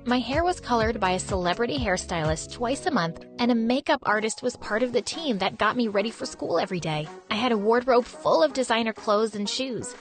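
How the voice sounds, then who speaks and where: A young woman from Turkey narrating an animated personal story in a lively, expressive, conversational way. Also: fairly high pitch, fairly quick, few pauses, soft background music.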